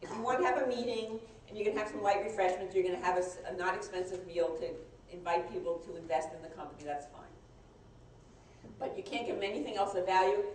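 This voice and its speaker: A woman lawyer giving a live compliance training talk, conversational and halting, with frequent restarts. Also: fairly low pitch, darkish tone. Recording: echoey room, mic far off, faint noise.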